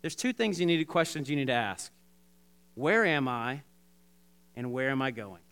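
A man preaching a sermon, talking straight to the congregation with lots of restarts and animated asides. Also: mid-range voice, moderate pace, clean tone. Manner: animated, repetitive restarts, addresses congregation directly. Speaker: pastor.

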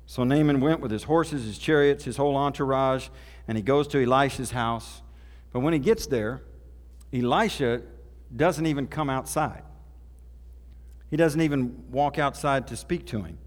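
Folksy pastor in a reverberant hall. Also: male voice, mid-range voice, moderate pace. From Oklahoma. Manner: folksy, conversational storytelling. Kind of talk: sermon.

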